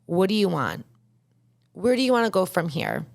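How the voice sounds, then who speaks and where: A woman's voice: on the low side, huge pitch swings, normal speed, creaky. A woman hosting a podcast, talking candidly and bluntly about her own life in a motivational monologue. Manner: candid, blunt, uses profanity. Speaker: podcast host. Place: podcast studio.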